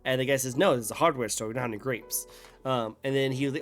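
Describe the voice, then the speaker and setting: A man's voice: medium pitch, racing, fairly bright tone, faint music behind. A man hosting a casual interview, telling a silly playground joke with many hesitations. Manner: hesitant, many fillers and restarts. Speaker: host.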